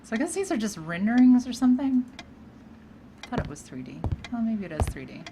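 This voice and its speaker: A young woman streaming a game with bored, deadpan, sarcastic commentary and muttered asides. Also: fairly high pitch, brisk, a little hiss or hum. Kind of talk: sarcastic let's-play commentary. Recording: game music behind the voice.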